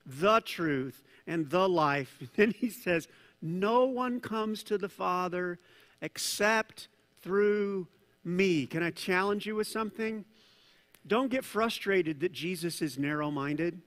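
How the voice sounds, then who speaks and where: A male pastor giving a sermon, conversational and animated, with jokes and asides to the congregation. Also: sits high, a little slow, long reverb tail. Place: church hall.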